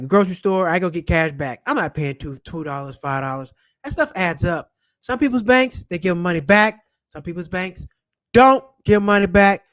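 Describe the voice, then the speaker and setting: A man's voice: sits high, a bit bright, no echo. A man giving casual money advice to his viewers, blunt and repetitive, swearing now and then. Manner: blunt, swears, repeats points for emphasis. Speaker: personal finance YouTuber. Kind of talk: casual direct-to-camera advice.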